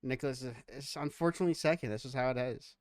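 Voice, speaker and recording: A podcast host trades fast, casual banter full of jokes and heavy swearing. His voice is medium-pitched, and there's slight background noise.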